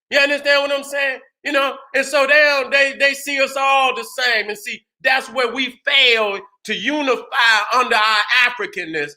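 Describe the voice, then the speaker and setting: A man hosting his own channel, delivering an impassioned, profane commentary monologue, often rising to shouts and repeatedly asking if you understand. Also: very high voice, steady tone, normal speed, few pauses. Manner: keeps asking "you understand what I'm saying". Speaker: channel host.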